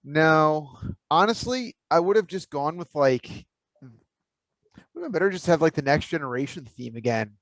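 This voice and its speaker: A man's voice: on the high side, lively intonation, moderate pace. A man co-hosting a podcast in casual chat, laid-back and rambling, thinking aloud with lots of fillers. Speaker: podcast co-host.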